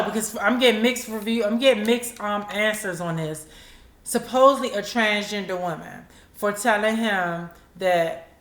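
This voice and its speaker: A woman's voice: medium pitch, fairly bright tone, reverberant. A woman hosting a talk show, speaking candidly and conversationally in casual commentary. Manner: candid, conversational, acts out quotes. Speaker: host.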